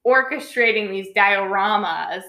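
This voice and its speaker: Chatty woman with a bright voice. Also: mid-range voice, a little slow, reverberant. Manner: rambling, many likes and restarts. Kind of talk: casual film review chat.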